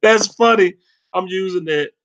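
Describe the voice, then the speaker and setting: A man hosting a sports livestream, ranting angrily and cursing, swinging between loud rants and low mutters. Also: moderate pace, dull audio. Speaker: sports channel host. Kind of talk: profane livestream sports rant.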